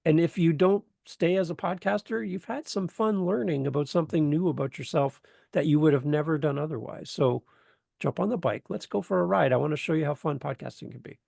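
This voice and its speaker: Gravelly guy, kinda high voice, acts out all the voices in his stories, dry close mic. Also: fairly quick, dry recording. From Canada. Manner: animated, acts out voices in anecdotes. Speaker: podcast guest. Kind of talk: enthusiastic storytelling in interview.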